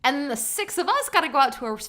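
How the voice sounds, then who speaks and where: A woman's voice: sits high, sing-song, rapid-fire, bright, forceful tone. A woman co-hosting a podcast in casual chat, telling rambling stories and thanking listeners. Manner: chatty, rambling storyteller. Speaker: podcast co-host.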